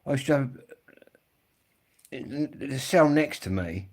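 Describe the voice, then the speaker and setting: A man's voice: medium pitch, lively intonation, takes it slowly, darkish tone. Rambling man. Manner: rambling, swearing, blokey storytelling. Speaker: live-stream host. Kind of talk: casual live-stream chat answering viewers.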